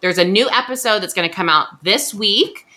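A woman's voice: medium pitch, normal speed, bright, forceful tone. A woman with a Californian Valley Girl accent, co-hosting a podcast in a chatty, giggly way and filling her talk with "like". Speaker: podcast co-host. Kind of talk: casual chat and ad read.

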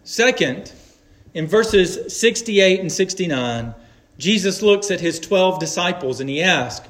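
Preaching slowly and deliberately, a man with a fairly high, fairly bright voice delivers his sermon in earnest, measured phrases. His tone is animated, and he uses emphatic pauses to hammer home each point.

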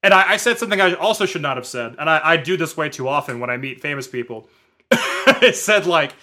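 Bright-voiced man telling a rambling story. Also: fairly high pitch, brisk. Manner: rambling, animated, filler-heavy, laughs often. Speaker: podcast co-host. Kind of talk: casual storytelling chat.

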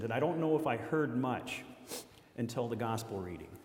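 A man's voice: mid-range voice, animated, moderate pace, darkish tone. Man giving a testimony in an echoey hall. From Iowa, USA. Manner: earnest storytelling with self-deprecating humor. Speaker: lay speaker giving a testimony. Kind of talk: personal faith testimony to a congregation. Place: church hall. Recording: echoey hall with long reverb.

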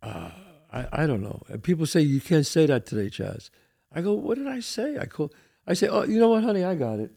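A man's voice: on the high side, a little fast, gravelly. An older man hosting a podcast, chatting casually and telling stories in a streetwise, old-school way, often repeating his words. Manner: animated storyteller, repeats words, street-wise. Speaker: podcast host. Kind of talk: casual chat.

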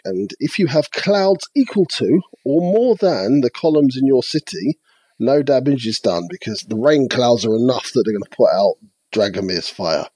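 A man's voice: mid-range voice, breathy edge, dry recording. A man co-hosting a podcast, chatting casually and walking methodically through a board game's rules step by step. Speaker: podcast co-host. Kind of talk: casual chat reviewing board games.

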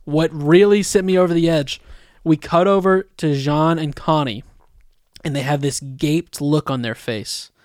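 A man co-hosting a casual anime recap podcast, telling stories with animated emphasis and quoting his own reactions. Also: fairly high pitch, a little slow, dry recording, studio quality. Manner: animated storytelling, quotes himself. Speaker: podcast co-host.

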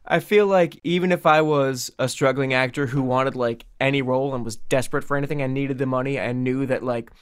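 A man's voice: medium pitch, steady tone, fairly quick, hardly any pauses, smooth. A man in casual comedic chat, riffing with dry, wry reasoning.

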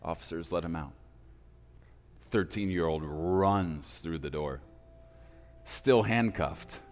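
Brief: male preacher, very deep voice, dramatic pauses, reverberant hall. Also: a little mellow. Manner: dramatic pauses, slowing for emphasis. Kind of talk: sermon storytelling. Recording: reverberant hall with faint music.

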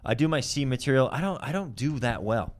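A stand-up comedian telling a heated, profane story in casual chat. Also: male voice, mid-range voice, animated. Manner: fast, profane, heated retelling.

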